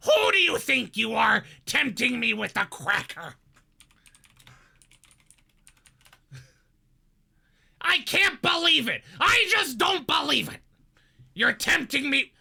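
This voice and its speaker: A man putting on the voice of a loud, screechy male cartoon parrot sidekick, yelling in exasperated rants with a raspy, nasal tone. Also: extremely high pitch, sing-song, measured pace, voice pushed up, heavily acted. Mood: outraged. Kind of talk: impression of a comedian's parrot voice.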